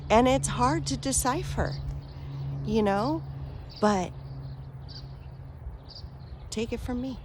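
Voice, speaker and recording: A woman talking straight to her viewers as a spiritual vlogger, earnest and affectionate, rambling with fillers and soft laughs. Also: a little high, takes it slowly, pauses often, noisy background. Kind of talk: heartfelt direct-to-camera talk.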